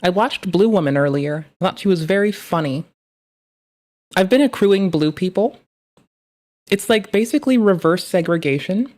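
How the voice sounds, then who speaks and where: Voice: mid-range voice, expressive, moderate pace, long pauses, darkish tone. A streamer chatting casually while reacting to a video, rambling, joking and swearing freely. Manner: rambling, profane, playful. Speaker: live streamer.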